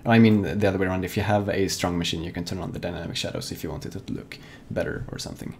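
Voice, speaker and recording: A man's voice: deep voice, steady tone, rapid-fire, a little mellow, slight background noise. A young man co-hosting a live gaming show in casual chat, rambling with lots of fillers and restarts. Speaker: co-host of a fan-made live gaming show.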